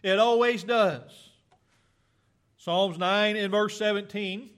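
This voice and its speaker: A man preaching a sermon, reading scripture aloud in a slow, earnest way with fillers and small self-corrections. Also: high-pitched, fairly bright tone.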